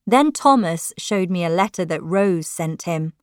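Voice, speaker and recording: A woman reads a first-person novel aloud with emotive, heartfelt storytelling. Her pace is slow and deliberate, and the recording is dry and close. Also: on the low side, expressive, no room sound. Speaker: audiobook narrator.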